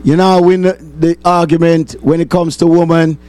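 A man's voice: fairly high pitch, fairly even intonation, normal speed, darkish tone, no echo. A man hosting a call-in talk show, rambling and repeating himself for emphasis.

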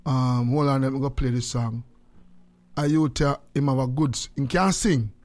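A man's voice: medium pitch, steady tone, normal speed, darkish tone, no echo. An older man in his sixties with a Jamaican accent, hosting a radio show in rambling, jokey casual chat. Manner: rambling, jokey, repeats phrases. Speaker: radio host.

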